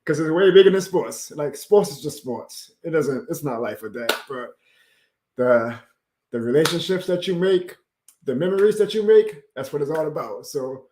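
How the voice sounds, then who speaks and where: Heartfelt rambling streamer in an echoey room. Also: male voice, a little high, expressive, moderate pace, darkish tone. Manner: heartfelt, rambling, laughs often, reads chat aloud. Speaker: YouTube sports streamer. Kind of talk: casual live stream chat.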